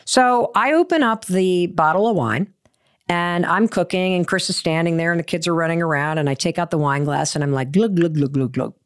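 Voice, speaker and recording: Brief: female advice host, low-ish voice, animated and self-mocking, hammers her points home. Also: a little fast, clear, resonant tone. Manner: emphatic, repeats key points; animated storyteller, self-deprecating. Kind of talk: motivational advice talk with personal story.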